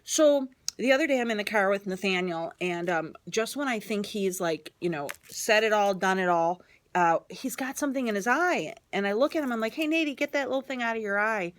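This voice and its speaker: A middle-aged woman telling stories on a studio radio show. Her pitch swings freely as she chats. She talks in an easy, laughing way. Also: animated, moderate pace. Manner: chatty, laughing storyteller. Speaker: show co-host. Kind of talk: casual radio chat. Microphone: studio microphone.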